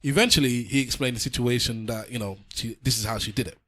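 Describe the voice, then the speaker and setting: A man on a podcast, telling a long story in a loose, meandering way. He circles back and repeats himself as he goes. His voice sits at an ordinary middle pitch. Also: fast talker, fairly bright tone. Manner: rambling storyteller, repeats and restarts. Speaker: podcast co-host. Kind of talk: casual chat, retelling a TV episode.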